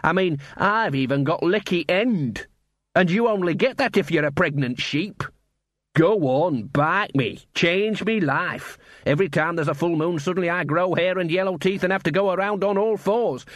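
A man's voice: high-pitched, moderate pace, fairly bright tone, no echo, pitched above the performer's own voice. A man voicing a scruffy, smug, streetwise male mongrel dog with cocky slang, read in a dry, close audiobook recording. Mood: mocking.

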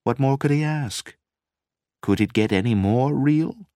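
A man narrating a story in a measured, dramatic reading style. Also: mid-range voice, warm tone, no echo, studio quality. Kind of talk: scripted audiobook narration.

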